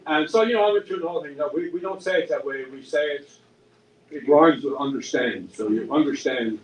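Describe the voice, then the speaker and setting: Man, Newfoundland accent, high voice, rambling wry pub storyteller; echoey room, faint background noise. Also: brisk, far from the mic. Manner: rambling, wry, self-mocking humor with many restarts. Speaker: singer-songwriter and storyteller. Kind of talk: live storytelling at a pub event.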